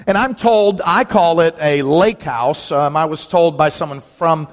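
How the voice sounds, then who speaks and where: A middle-aged man, a pastor, telling humorous personal stories in a sermon and acting out friends' voices. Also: measured pace. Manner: storytelling, animated, acts out quoted friends in a higher voice. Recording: long reverb of a large hall.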